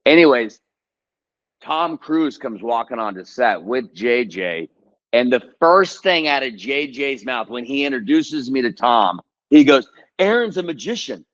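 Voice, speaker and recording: A man in his thirties, an actor and guest, talking casually and telling a story in a halting, hesitant way. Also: mid-range voice, animated, fairly bright tone, lo-fi sound. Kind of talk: casual chat.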